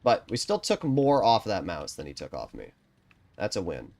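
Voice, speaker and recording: Animated man streaming a tank game. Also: normal speed, vocal fry. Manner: frustrated ranting, swears often; quiet, low-key strategy talk. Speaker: gaming streamer. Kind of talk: live game commentary.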